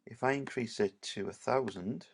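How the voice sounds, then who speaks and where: A male teacher, giving a casual screen-recorded software tutorial and leaning on "right" and "obviously". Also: medium pitch, normal speed, gravelly, slight background noise.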